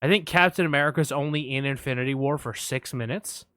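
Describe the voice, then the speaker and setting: A man co-hosting a casual movie podcast, telling stories in an animated way, swearing often and acting out quotes. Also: medium pitch, quick pace, clear, resonant tone, dry recording, studio quality. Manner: animated storyteller, swears a lot, acts out quotes. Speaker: podcast co-host.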